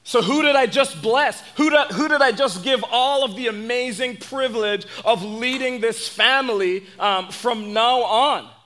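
A man's voice: high voice, lively intonation, a little slow, sharp tone, voice pushed up, full character voice. A man preaching who acts out an old blind father in his sermon, puzzled and questioning. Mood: bewildered.

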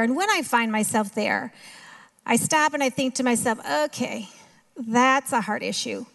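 A woman in her fifties with a Minnesotan accent tells her story to a recovery group. She talks in a chatty, self-deprecating way, full of little fillers. Her voice sits a touch on the high side. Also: a bit bright. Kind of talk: personal testimony to a group.

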